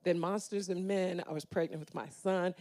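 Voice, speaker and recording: A woman's voice: lowish voice, fairly even intonation, normal speed, warm tone. Playful woman telling a story on a panel. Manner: playful, storytelling, self-deprecating. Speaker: actress on a panel. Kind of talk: casual panel chat.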